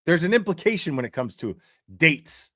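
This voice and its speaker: A man's voice: on the high side, very animated, normal speed, fairly bright tone, no room sound, studio quality. A man hosting a commentary show, delivering a crude, profane rant with emphatic repetition. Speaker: commentary host.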